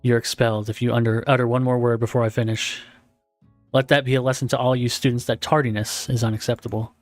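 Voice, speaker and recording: A pompous dog professor in a game rattles off his grand speeches and stern scoldings at a quick clip, read out by a man at his desk. The pitch is a touch above the reader's own, and the sound is dry. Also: flat delivery, no echo, soft background music, lightly acted.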